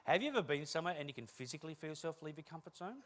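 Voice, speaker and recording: Man, keynote speaker: high voice, rapid-fire self-deprecating stories with acted-out dialogue. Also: expressive. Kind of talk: humorous keynote storytelling.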